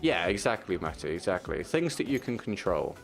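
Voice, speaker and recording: A man's voice: low voice, big pitch swings, fairly quick, faint music behind. A man streaming a shooter game, talking to his viewers in a supportive, casual way with frequent restarts. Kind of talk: casual chat while playing.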